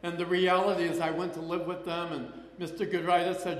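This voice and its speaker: An older man with a somewhat high voice tells a rambling personal testimony, circling back and acting out remembered voices. The sound is roomy, with a long reverb trailing each phrase. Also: steady tone, fast talker, hardly any pauses. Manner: rambling, with many restarts and acted-out quotes. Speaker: person sharing a recovery story. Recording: echoey hall with long reverb.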